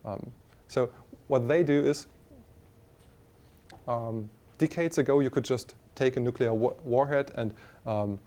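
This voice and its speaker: A man with a German accent giving a university lecture, halting with many fillers and restarts, often asking the class questions. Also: mid-range voice, warm tone.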